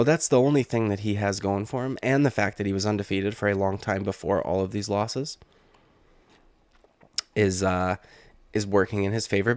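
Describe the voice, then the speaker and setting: A man in his late twenties, an MMA YouTuber, gives loose, rambling, foul-mouthed reactions to fighting news. His voice sits on the low side, and the recording has no room sound.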